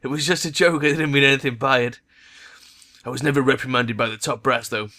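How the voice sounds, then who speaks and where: A man's voice: mid-range voice, fairly even intonation, fairly quick, bright, forceful tone, natural voice. A man voicing a blunt female troll soldier. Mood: stern. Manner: curt, clipped, unsentimental.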